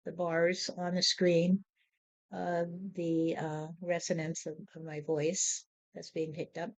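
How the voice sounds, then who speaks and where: Woman with a slow, measured spiritual voice. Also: lowish voice, darkish tone, muffled recording. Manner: slow, measured, repeats "you see". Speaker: spiritual medium. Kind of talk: spoken spiritual monologue. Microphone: handheld voice recorder.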